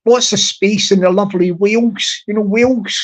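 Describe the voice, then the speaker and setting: A man's voice: high voice, steady tone, normal speed. A man hosting a casual chat to his viewers, rambling, repeating words and hunting for the right ones, with frequent chuckles. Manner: chuckles often, jokingly mimics shouted lines. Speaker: YouTube channel host. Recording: dull lo-fi audio.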